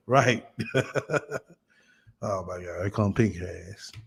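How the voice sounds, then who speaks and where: A man's voice: low voice, gravelly, slightly rough, big-room sound. A man hosting a live stream from a basement, reacting to a video with casual commentary, swearing a lot and laughing often.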